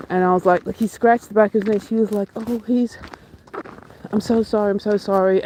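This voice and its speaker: A vlogger streaming from a cold outdoor walk, telling a story in an animated way with startled outbursts, recorded on a handheld phone. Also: medium pitch. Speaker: livestreaming vlogger. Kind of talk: casual walk-and-talk livestream. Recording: noisy outdoor phone audio.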